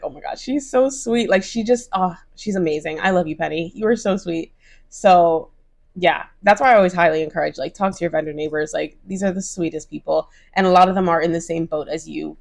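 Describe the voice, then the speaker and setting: A woman's voice: lowish voice, fairly even intonation, fairly quick, vocal fry. A young woman chatting casually to camera in a crochet vlog, gushing, with lots of "like" and "oh my gosh". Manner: bright put-on voices when quoting others. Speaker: crochet vlogger.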